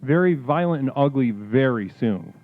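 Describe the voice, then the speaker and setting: A man hosting a live call-in stream, speaking with a deadpan, mock-guru manner in comedic chat. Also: medium pitch, moderate pace. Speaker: livestream host. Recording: tinny phone-like audio with faint music.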